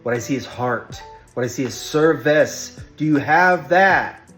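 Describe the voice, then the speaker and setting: A man quoting a stern, cool-headed woman who directs nursing, in his own lowered voice. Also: lively intonation, a little slow, a bit bright, faint music behind.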